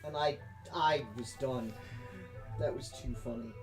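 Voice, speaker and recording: A man co-hosting a stream, dropping quiet, dry interjections into the chat. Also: mid-range voice, steady tone, measured pace, over music. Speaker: stream co-host. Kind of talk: chiming in during casual chat.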